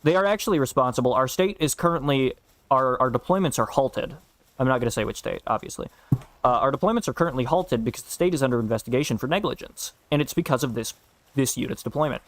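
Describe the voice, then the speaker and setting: A man's voice: mid-range voice, animated, quick pace, no echo. A man streaming a game and chatting casually, telling stories in a blunt, profane way. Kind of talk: casual chat while gaming.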